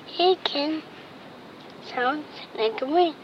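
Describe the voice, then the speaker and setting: A woman's voice: high voice, slow, long pauses. A woman reading a picture book aloud to a child, playfully imitating animal and object sounds and asking the listener to join in. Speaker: reader to a child. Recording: dull lo-fi with faint noise.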